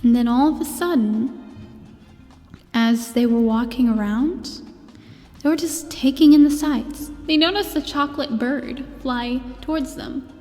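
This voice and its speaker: A woman voicing a gentle space princess who tells a bedtime story in a meandering way, with fillers and restarts. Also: high voice. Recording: long reverb with faint music.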